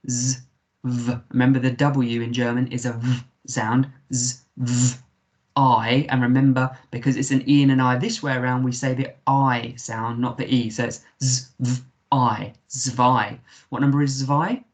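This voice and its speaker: A man's voice: medium pitch, level tone, a little fast. A man with an English accent, a primary school teacher giving a recorded remote lesson, patiently sounding out words letter by letter.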